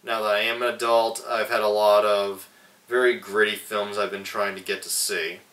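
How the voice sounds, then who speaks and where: A man's voice: on the low side, level tone, fairly bright tone. A young adult man reviewing a movie in a casual vlog. He rambles, swears a lot and often restarts his sentences. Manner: slow, rambling and profane, with lots of restarts. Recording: echoey room, mic at a distance.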